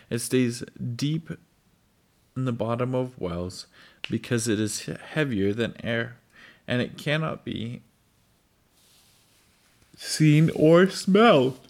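Slow, halting man reading a storybook. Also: medium pitch. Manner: slow, halting, stumbling over words. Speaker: reader. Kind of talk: reading a children's storybook aloud.

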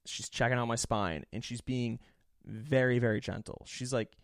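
Young male podcast host, lively and crude, mid-pitch voice, dry close mic. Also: moderate pace, no echo. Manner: animated, profane storyteller who laughs often and mimics others. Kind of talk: casual storytelling chat.

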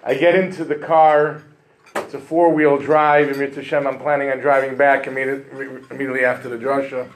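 A middle-aged man, a rabbi, telling a funny story in an animated way as he opens a sermon. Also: mid-range voice, a little fast, rough recording. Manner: humorous, animated storytelling with rising emphasis. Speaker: rabbi giving a drasha.

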